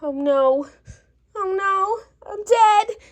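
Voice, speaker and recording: A woman's voice: very high voice, moderate pace, pitched above the performer's own voice. A woman voicing a panicky young married woman in a doll-play story, with dramatic, wailing lines. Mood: panicked.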